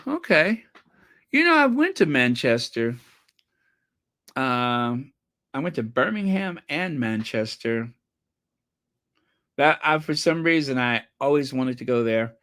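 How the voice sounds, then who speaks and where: Male host, bright voice, unhurried rambling commentary, reads out comments. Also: mid-range voice, dry recording, clean studio sound. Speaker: channel host. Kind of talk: casual commentary reading comments.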